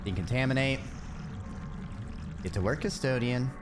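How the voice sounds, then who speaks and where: A playful male streamer who talks through his game in a loose, chatty way, his pitch bouncing around a lot as he reacts. He speaks slowly and takes his time, and a steady hiss of noise sits under the voice. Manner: playful, chatty, muttering to himself. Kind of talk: casual gameplay chat.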